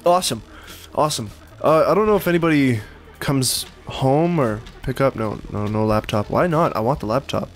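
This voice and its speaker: A man giving casual commentary on a game, excitable and jumpy, swearing and laughing when startled, recorded at home on a desktop mic. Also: medium pitch, normal speed, faint music behind. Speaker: let's play gamer. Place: room at home.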